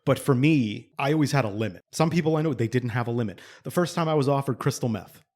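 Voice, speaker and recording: A man's voice: mid-range voice, fast talker. Rambling, profane male podcast storyteller. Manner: rambling, profane, animated when quoting others. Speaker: podcast co-host. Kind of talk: casual storytelling chat.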